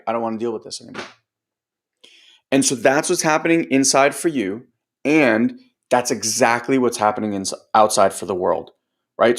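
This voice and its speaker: A male coach talking through a casual group training session in a loose, rambling way. He swears now and then, leans on fillers like "like" and "right," and slips into other people's voices when he quotes them. His voice sits at an average pitch for a man. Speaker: host and personal growth coach.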